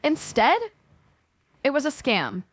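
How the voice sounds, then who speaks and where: A woman's voice: high voice, big pitch swings, slow, dry recording. A woman co-hosting a scripted podcast, talking in a playful way full of gaming slang. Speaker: co-host.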